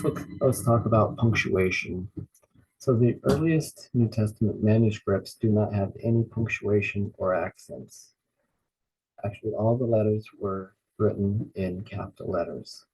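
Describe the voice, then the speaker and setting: A man's voice: lowish voice, warm tone, slightly rough, rough recording. A man teaching a beginners' lesson on Bible Greek, carefully repeating each word and spelling names out letter by letter. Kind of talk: slow, patient pronunciation lesson.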